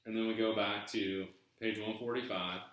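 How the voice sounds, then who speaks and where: A man's voice: on the low side, fairly even intonation, normal speed, fairly bright tone, slight background noise. A man hosting a treasure hunt video, musing in a chatty, folksy way with a put-on Southern American accent. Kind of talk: casual vlog commentary reading from a book. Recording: very echoey room.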